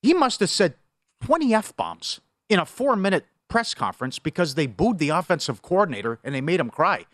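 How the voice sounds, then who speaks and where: A middle-aged man co-hosting a sports betting show, telling stories in an animated, rambling way. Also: fairly high pitch, moderate pace, dry recording, clean studio sound. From Superior, Wisconsin. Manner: animated, storytelling, jumps between topics. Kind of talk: casual sports radio banter.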